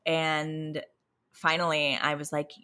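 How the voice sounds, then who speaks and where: A young adult woman and parent of a toddler, exhausted, talking candidly in a halting, self-interrupting, emotionally raw way. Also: low voice, completely flat delivery, bright, forceful tone. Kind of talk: candid conversational chat.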